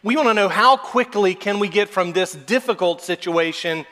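A man in his thirties, a pastor preaching a measured, earnest sermon. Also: high-pitched, pushed and bright. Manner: measured, earnest preaching with brief put-on whiny quotes.

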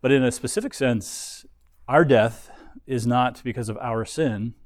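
A man gives a Bible lesson at a middle pitch, explaining step by step and often restarting his phrases. The sound is dry and close, with no room echo. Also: unhurried. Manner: explanatory, frequent restarts and fillers. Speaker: Bible teacher.

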